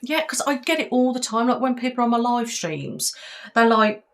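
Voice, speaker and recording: A young woman with an English Midlands accent, chatting fast and emphatically as a podcast co-host. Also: fairly high pitch. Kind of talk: casual chat.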